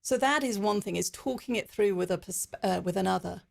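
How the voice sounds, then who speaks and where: A woman's voice: mid-range voice, a little fast, vocal fry. A woman podcast host talking through ideas in an earnest, reflective way. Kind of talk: conversational interview.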